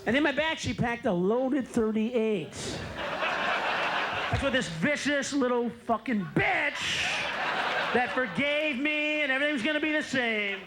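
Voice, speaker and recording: A high-voiced male stand-up comedian who talks loud and keeps erupting into sudden screams. He works a live club crowd from the stage through a handheld mic. The recording is noisy, with a steady hum of club noise behind him. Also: measured pace.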